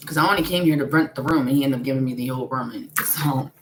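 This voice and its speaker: On a casual live stream, a spiritual vlogger with a low voice talks rapid-fire, bluntly and with plenty of swearing. She often bursts out laughing, and a faint hiss runs beneath the audio.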